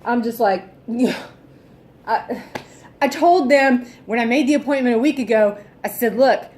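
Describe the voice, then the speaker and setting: A woman's voice: on the high side, a little slow, darkish tone, slight background noise. A woman venting in a casual vlog, exasperated and heavily profane, sighing often. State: fed up and irritable. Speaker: vlogger.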